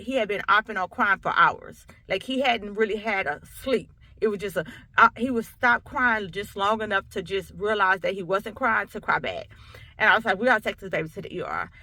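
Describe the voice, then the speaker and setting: A woman coach tells her own story straight to camera, conversational and emphatic, circling back on her points. Her voice is bright and forceful. The sound is dry and close, with no room echo. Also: medium pitch. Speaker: coach and sickle cell awareness speaker.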